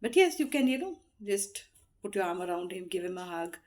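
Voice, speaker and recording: A woman's voice: mid-range voice, sing-song, darkish tone. Earnest middle-aged woman giving advice. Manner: earnest, unhurried, frequent "you know" fillers. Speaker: motivational speaker. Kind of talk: heartfelt advice talk.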